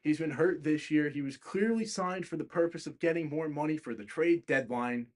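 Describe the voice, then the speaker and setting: A young man hosting a casual livestream about basketball trades, rambling, swearing often and getting heated and loud. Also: a little high, normal speed. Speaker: stream host.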